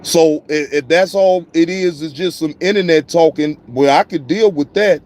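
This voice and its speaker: A man's voice: fairly high pitch, normal speed, a little mellow. A man hosting a casual live-stream reaction show, speaking, profane and repetitive, addressing viewers in the chat by name.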